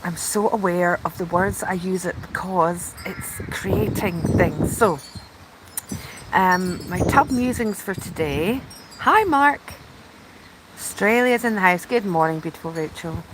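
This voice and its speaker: A woman's voice: lowish voice, measured pace. Chatty woman on a noisy outdoor stream. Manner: chatty, gushing, breaks into excited whispers. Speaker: live stream host. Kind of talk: casual live chat from the tub.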